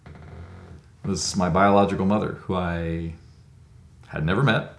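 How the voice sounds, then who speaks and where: A man's voice: low voice, fairly even intonation, measured pace, roomy sound. A man in his fifties telling his life story in an interview, reflective and conversational with frequent "um"s. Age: 50s. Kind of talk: personal storytelling.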